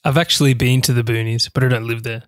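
Casting Male podcast co-host from abroad, teasing and inquisitive, mid-pitched voice, dry close mic. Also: level tone, quick pace, no echo. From outside the United States. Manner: playful, teasing and questioning. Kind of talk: casual chat.

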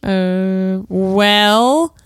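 A woman's voice: mid-range voice, extremely slow, clean tone, dry recording, clean studio sound. A woman hosting a casual podcast, talking in a playful, joking way. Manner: playful, jokey. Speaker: podcast host.

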